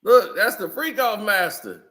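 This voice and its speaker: A man's voice: high-pitched, big pitch swings, unhurried, sharp tone. A man giving casual, chatty commentary over old photos, laughing often and telling stories in loose slang. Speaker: vlogger.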